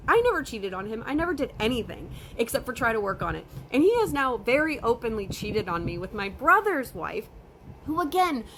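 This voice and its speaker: A woman's voice: mid-range voice, a little hiss or hum, poor audio. A young adult woman telling a personal story casually, emotional and upset while she holds back tears. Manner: emotional, upset, swings between loud and quiet.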